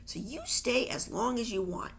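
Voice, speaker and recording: A woman's voice: a little high, normal speed, vocal fry, fairly bright tone, slight background noise. A woman reading a novel aloud, voicing a doting mother who coos soothingly on the phone. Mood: cooing. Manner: cooing, soothing. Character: doting, cooing mother of a boy.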